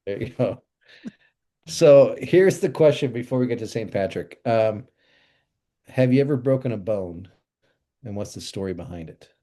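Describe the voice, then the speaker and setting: Easygoing mellow-voiced pastor, man. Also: lowish voice, animated, moderate pace, pauses often. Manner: easygoing, chuckles, rambling storytelling. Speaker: pastor, podcast host. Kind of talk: casual podcast chat.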